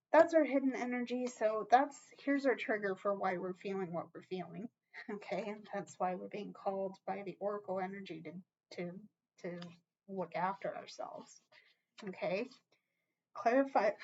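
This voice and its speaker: A woman reads tarot cards for her viewers in a relaxed, reassuring way, speaking slowly and checking in with them often. Her voice sits in a middle pitch. The recording is a little muffled and lo-fi. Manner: chatty, reassuring, talks straight to viewers with frequent "okay?". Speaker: tarot reader. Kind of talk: casual tarot reading to camera.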